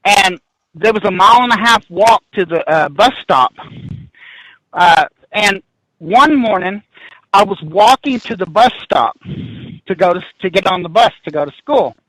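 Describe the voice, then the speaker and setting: Man, fifties, podcast guest, animated storytelling, tumbling restarts, dry close sound. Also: sits high, a little slow, dry recording, rough recording. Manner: excitable, restarts sentences, laughs mid-story. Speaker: guest paranormal investigator.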